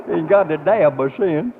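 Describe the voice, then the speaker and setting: A man's voice: fairly high pitch, animated, a little slow. A man telling a folksy comedy monologue on a live stage, drawling his punchlines and laughing at his own jokes. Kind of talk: rural stand-up comedy monologue. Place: large auditorium stage with live audience. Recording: tinny, noisy 1950 radio broadcast with hall echo.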